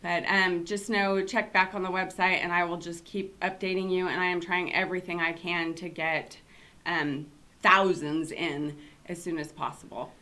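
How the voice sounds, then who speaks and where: A woman's voice: fairly low pitch, little pitch movement, moderate pace, sharp tone. A middle-aged woman hosting a casual talk show, chatty and upbeat, with many fillers. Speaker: show host and company CEO.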